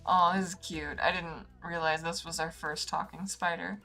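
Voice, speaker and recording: A woman's voice: lowish voice, fairly even intonation, normal speed, faint music behind. A woman hosting a let's play, chatting casually between reading game dialogue aloud. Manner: chatty, warm-hearted asides, reads dialogue aloud.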